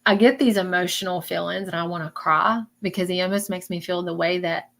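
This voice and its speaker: Woman, live-stream medium, gravelly fry, emotional, repeats herself, says y'all. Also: fairly low pitch, fairly even intonation, brisk, a bit bright. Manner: emotional, repeats phrases, addresses viewers as y'all. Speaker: psychic medium.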